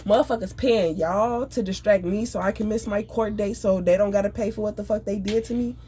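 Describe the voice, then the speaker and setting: Woman with aave ranting mad and cussing, mid pitch, bit of hiss behind. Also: steady tone, mellow. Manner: angry, profane, rapid ranting. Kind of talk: emotional venting monologue.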